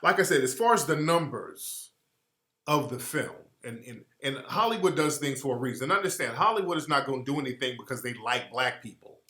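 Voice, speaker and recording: Man, radio host, bright pushy voice, echoey room. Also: medium pitch, brisk. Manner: blunt, profane and animated, mimics others in quoted voices. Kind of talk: opinionated radio commentary.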